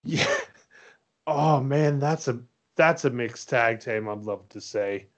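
A man co-hosting a casual wrestling podcast, excitable and quick to laugh. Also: mid-range voice. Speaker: podcast co-host.

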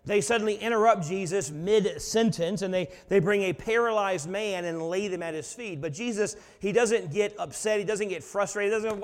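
Casting: male pastor with a high voice, dramatic storyteller, heard in a big echoing sanctuary. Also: moderate pace, few pauses. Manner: dramatic storytelling, swinging between soft and loud. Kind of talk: sermon. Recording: long reverb of a large hall.

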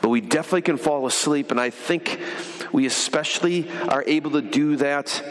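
Pastor guy preaching, kinda high voice, gets worked up and emphatic, big echoey church hall. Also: fairly quick, a little hiss or hum. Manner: earnest, emphatic preaching with rising intensity. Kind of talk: sermon.

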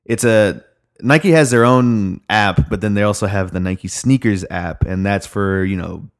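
A man's voice: lowish voice, unhurried. Laid-back young man telling a story. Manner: rambling storytelling, heavy swearing, frequent fillers. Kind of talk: casual chat.

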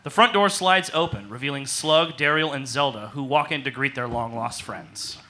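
A man narrating an improvised comedy in a deadpan style with goofy sound effects. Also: medium pitch, normal speed.

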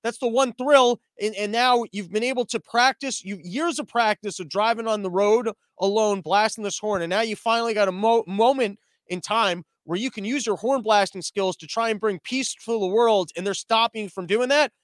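A man hosts a comedy podcast, riffing sarcastically and often restarting his sentences. His voice sits high and sounds clean and resonant. The recording is dry, with almost no room sound. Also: normal speed, few pauses, no echo. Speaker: podcast host. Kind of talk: comedic commentary on a livestreamed podcast. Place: small room that is not soundproofed.

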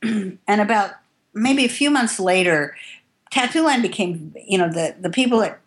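A woman's voice: medium pitch, expressive, normal speed. A woman tattoo artist telling stories from her working life in an interview, candid and rambling, with some casual swearing. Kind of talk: interview storytelling.

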